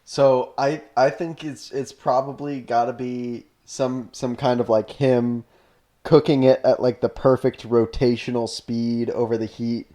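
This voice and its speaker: A man riffing on a podcast, talking in loose, rambling chat that is packed with "like" and quick restarts. He laughs often and keeps building on his own ideas. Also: mid-range voice, level tone, warm tone. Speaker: podcast co-host. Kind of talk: casual chat.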